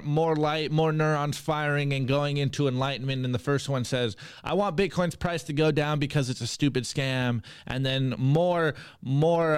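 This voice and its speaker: A male podcast host reading and reacting to memes in an energetic, hype way. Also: a little high, clear, resonant tone, no echo, studio quality. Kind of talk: meme review segment on a podcast.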